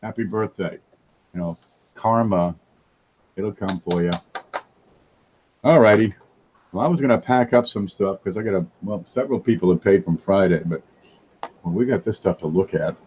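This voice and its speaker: A man's voice: deep voice, normal speed, long pauses, lo-fi sound, slight background noise. A man hosting a casual livestream chat, wisecracking and joking as he talks. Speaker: host.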